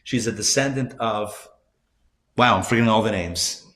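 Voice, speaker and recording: A man, a rabbi, teaching a live class, telling stories conversationally with asides and self-corrections, his voice swinging between loud emphasis and soft hushed moments. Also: fairly low pitch, normal speed. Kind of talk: live class lecture with storytelling. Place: class room at a community center.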